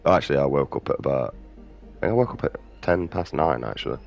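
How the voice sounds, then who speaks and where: A man's voice: very deep voice, animated, fast, creaky, soft background music. A British man giving casual, profane, ranting commentary while playing a video game. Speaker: gaming streamer. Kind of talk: casual commentary over gameplay.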